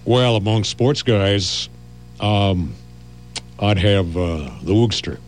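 A man's voice: fairly low pitch, slow, slight background noise. Older veteran radio man telling stories. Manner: rambling, breaks off mid-phrase. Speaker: veteran radio host, guest. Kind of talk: anecdotal storytelling.

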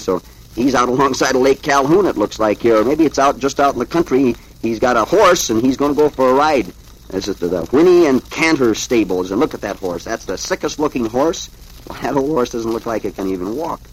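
A man's voice: mid-range voice, low-quality recording. Folksy male host reading the funnies aloud, middling voice, light hiss. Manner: chatty, folksy, exclaiming. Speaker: host reading comics to a child. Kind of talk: folksy read-aloud storytelling.

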